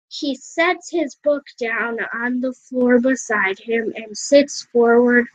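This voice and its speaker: High-voiced, slow, chatty woman gamer. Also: a little hiss or hum. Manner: self-mocking, chatty. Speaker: let's player. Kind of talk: reading a visual novel aloud with asides. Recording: dull, lo-fi, dry.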